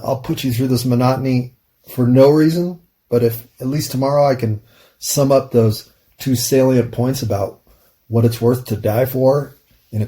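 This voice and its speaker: A man rambling through a solo audio diary, musing aloud and saying "pause" and "unpause" as he goes. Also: warm tone. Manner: jumps into high playful tones for jokes.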